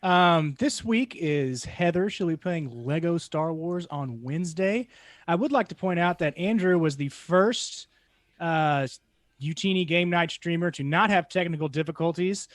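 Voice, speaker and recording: A podcast co-host chats about the week's streams in an easy, relaxed tone. His voice is slightly high, and the sound is dry and close to the mic. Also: measured pace, dry recording. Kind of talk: casual podcast chat.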